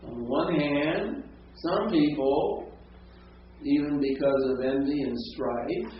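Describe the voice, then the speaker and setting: A man's voice: fairly high pitch, slow. A man teaching a seminary class, explaining grammar in a lecture and often checking in with his students. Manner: explanatory, checks in with frequent "right?" and "okay?". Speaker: seminary professor. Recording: distant, echoey, muffled classroom recording with faint hiss.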